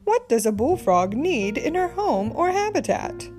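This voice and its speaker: A woman's voice: high voice, huge pitch swings, slow pace, a little mellow, faint music behind, pitched above the performer's own voice, exaggerated voice. A woman voicing an eccentric, cheerful teacher in a storybook read-aloud, speaking with upbeat, exclamatory delight. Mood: enthusiastic.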